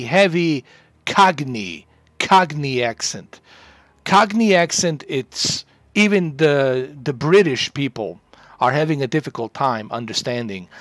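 A man's voice: mid-range voice, a bit bright, no room sound. A man chatting on a livestream in a boastful, rambling, profane way.

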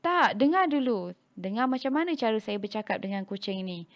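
A Malaysian woman reading aloud as a calm young superhero boy who talks to animals, sounding gently insistent. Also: a little high, quick pace. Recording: dull lo-fi recording.

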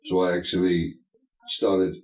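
This older man, a pastor and bishop, gives an emphatic interview laced with folksy sayings, in the style of preacherly talk. He has a low, darkish voice with a level tone and an unhurried delivery. The recording has an echoey room sound.

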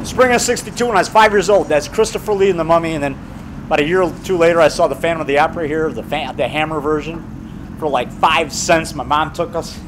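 An excitable man in his fifties vlogs while walking down a town street, talking straight to the camera. His voice sits high for a man, and he rambles from thought to thought, calling the viewer brother and man. Faint traffic hums behind him outdoors. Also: quick pace. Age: 50s. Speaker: filmmaker vlogging.

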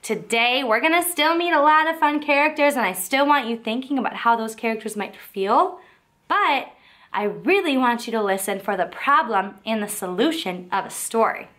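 A woman teacher reading a picture book aloud to young children, expressive and asking them questions. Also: fairly high pitch, moderate pace.

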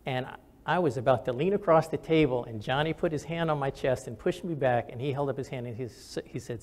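Speaking fairly quickly and expressively, an older physician and military officer shares personal stories for the camera. His medium-pitched voice has a darkish tone, and his earnest, conversational telling is full of restarts as he reflects.

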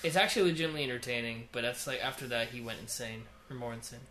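Fast-talking man riffing in a roomy space. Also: medium pitch, bright, forceful tone, a little hiss or hum. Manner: profane, joking, quick riffs. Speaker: podcast co-host. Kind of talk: casual movie commentary chat.

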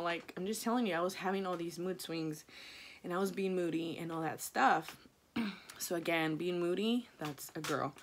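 A young woman with a Mexican-American accent chats candidly to the camera about her pregnancy. Her voice sits a little low but leaps into high, excited bursts whenever she acts out what she once said. She talks casually, with plenty of fillers. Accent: Mexican-American English. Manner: chatty, animated, quotes herself in high excited bursts. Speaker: vlogger.

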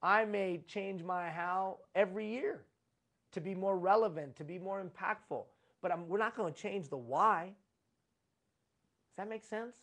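A man's voice: sits high, normal speed, a bit bright. A middle-aged man giving a live conference lecture on leadership, preachy and repetitive, with lots of rhetorical questions. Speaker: leadership trainer. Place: conference room.

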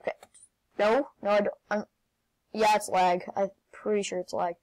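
A woman playing a video game and commenting as she goes, excitable, often shouting and laughing. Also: medium pitch, moderate pace, low-quality recording. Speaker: gaming channel host.

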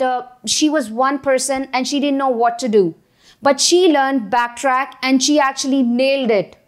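A woman on a conference panel, speaking in a halting, encouraging way with uneven phrasing. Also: high voice. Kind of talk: panel discussion.

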